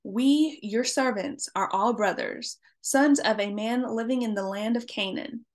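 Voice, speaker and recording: A woman's voice: a little high, measured pace, close to an everyday voice. A woman reading the lines of a group of anxious grown brothers, in an earnest, pleading way.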